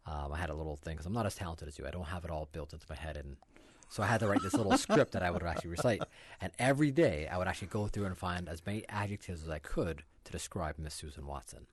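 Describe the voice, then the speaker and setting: A man's voice: deep voice, fast, few pauses, slightly rough, no echo. A man co-hosting a radio talk show, chatting in a playful, jokey way. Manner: playful, jokey, laughs often. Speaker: radio co-host. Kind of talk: casual radio chat.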